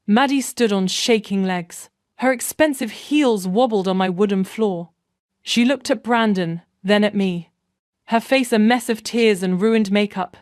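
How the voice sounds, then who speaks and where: Gentle woman narrating a story. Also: mid-range voice, no room sound, studio quality. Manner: gentle, measured. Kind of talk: scripted first-person story narration.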